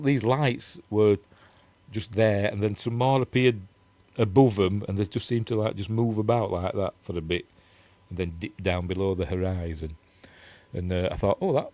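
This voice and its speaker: Man, Yorkshire accent, middle-aged, casual rambling host, lowish pitch, dry sound. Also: normal speed, dark tone, dry recording. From Yorkshire, England. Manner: rambling, chatty, self-deprecating, reads quotes and chat comments. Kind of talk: casual news chat reading articles aloud.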